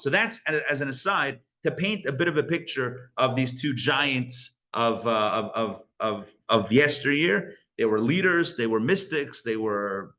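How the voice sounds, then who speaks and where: Speaking in a mid-range voice, this male rabbi recounts a story to his live Torah class. He sounds animated and casual, often starting his sentences over and using Hebrew and Yiddish religious vocabulary.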